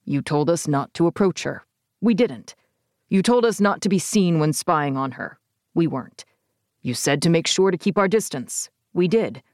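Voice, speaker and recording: An unflappable male henchman, voiced by a woman narrator who answers in an even, deadpan tone. His speech is low-key and blunt, never raised. Close, dry audiobook sound. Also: moderate pace, no room sound. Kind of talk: audiobook character voice.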